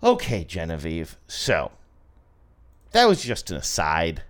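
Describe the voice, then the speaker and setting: A man's voice: deep voice, wildly swooping pitch, slow. A man hosting a casual podcast, joking around and quizzing his co-host. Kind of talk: casual chat.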